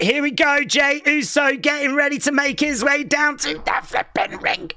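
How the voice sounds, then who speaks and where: Excitable stream host, lively pitch. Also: normal speed, hardly any pauses. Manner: excitable, shouts and laughs, chatty asides. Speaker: live stream watch-along host. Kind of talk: excited live reaction commentary.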